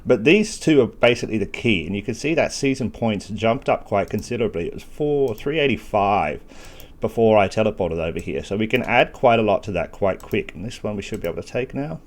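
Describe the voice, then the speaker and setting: A gaming channel host with a lowish, expressive voice talks casually and briskly through a strategy game walkthrough. He thinks aloud and makes self-deprecating asides, all while he has the hiccups.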